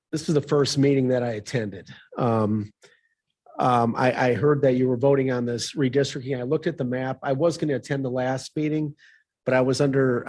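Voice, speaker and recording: A man speaks during public comment at a city council meeting. He talks in a middle-pitched voice and stops and restarts as he searches for his words. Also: darkish tone. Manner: hesitant, many ums and restarts.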